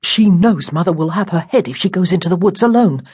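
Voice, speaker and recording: Cranky boy, mutters and growls, husky voice, a woman putting him on. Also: lowish voice, animated, brisk, a little mellow. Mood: annoyed. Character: irritable boy avoiding his little sister.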